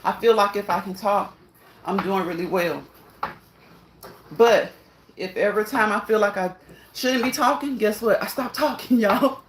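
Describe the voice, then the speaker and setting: A woman's voice: medium pitch, moderate pace, long pauses, echoey room, a little hiss or hum, poor audio. A woman vlogging as she exercises indoors on a machine, a little winded, repeating herself and encouraging viewers. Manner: repetitive, encouraging, laughs often. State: slightly winded. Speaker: fitness vlogger. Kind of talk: casual talk while exercising.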